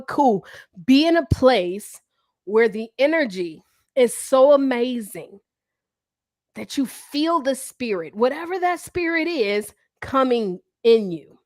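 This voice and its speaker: A woman hosting a livestream, telling a story in an animated way and talking to viewers as y'all. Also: on the high side. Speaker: host. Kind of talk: livestream talk.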